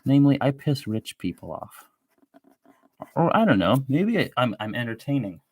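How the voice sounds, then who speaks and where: A man hosting a live show talks at a moderate pace in a sing-song, somewhat mellow mid-range voice. He rambles while drawing, peppering his stream commentary with sardonic asides.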